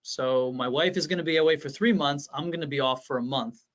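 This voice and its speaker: A man with a slightly higher voice speaks candidly in a presentation, as a pediatrician sharing his own experience. He is earnest and halting and often restarts his sentences. The audio is dull and lo-fi. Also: a bit bright. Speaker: pediatrician presenting to health professionals. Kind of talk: candid first-person storytelling in a presentation.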